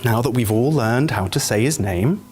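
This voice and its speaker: A man's voice: medium pitch, expressive, moderate pace, a little mellow, slight background noise. A man hosting a comedy sketch in a hesitant, flustered way. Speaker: host.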